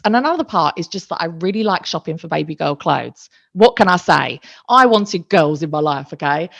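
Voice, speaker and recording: A woman, a podcast guest, telling a personal story in an emotional, animated way and swearing freely. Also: on the low side. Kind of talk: casual storytelling interview. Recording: dull lo-fi recording.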